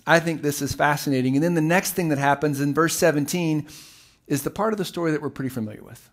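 A middle-aged man preaching a sermon as pastor, telling the story with animated, acted-out voices. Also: on the high side, fast.

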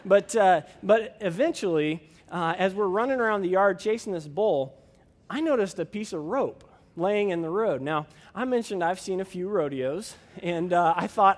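A man's voice: sits high, lively intonation, normal speed, long reverb tail. A man pastor preaching a sermon and telling a personal story in a folksy way, with many fillers.

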